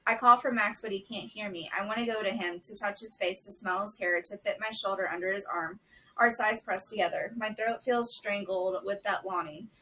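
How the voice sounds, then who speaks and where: A woman reading a novel chapter aloud in a steady, measured way, with brief casual asides. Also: medium pitch, far from the mic, slight background noise, low-quality recording. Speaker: book vlogger.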